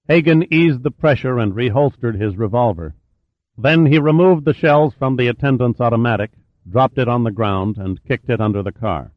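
A man narrating a thriller audiobook in a steady, measured reading voice. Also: mid-range voice, no room sound, lo-fi sound.

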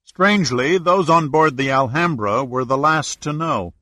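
A man narrating an adventure novel as an audiobook reader, in steady storytelling. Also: a little high, measured pace, no echo. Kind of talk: scripted narration.

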